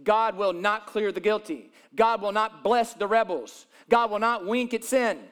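A man's voice: high voice, a little slow, fairly bright tone, smooth. A man preaching a sermon, reading scripture aloud and explaining it with emphatic repetition of key phrases. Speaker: pastor.

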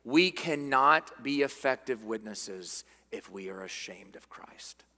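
A man with a Southern American accent preaching a sermon, earnest and dropping to hushed tones for emphasis. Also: mid-range voice, lively intonation, slow, in a large hall. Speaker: pastor. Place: church sanctuary.

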